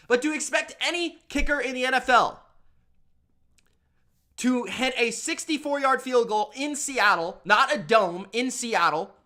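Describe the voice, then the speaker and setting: Bright-voiced man ranting about football. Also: extremely high pitch. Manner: animated, exasperated ranting. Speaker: sports commentator.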